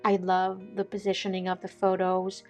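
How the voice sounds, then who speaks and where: A chatty woman talks casually in a vlog. Her voice sits mid-range and she is excitable, laughing often. Faint music plays behind her. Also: medium pitch, normal speed. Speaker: vlogger. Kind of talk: casual chat.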